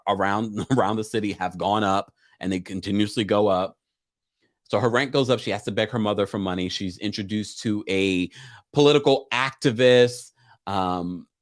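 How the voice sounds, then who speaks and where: Guy doing a casual show recap, voice going up and down a lot, keeps repeating himself. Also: lowish voice. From Jamaican family. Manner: animated, emphatic, repeats points. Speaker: show host.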